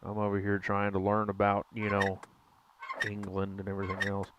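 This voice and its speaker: A man's voice: lowish voice, completely flat delivery, normal speed, highs cut off, background noise. A young man giving casual gameplay commentary, chatting with viewers in a rambling, self-correcting way with mild exclamations. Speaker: gaming streamer.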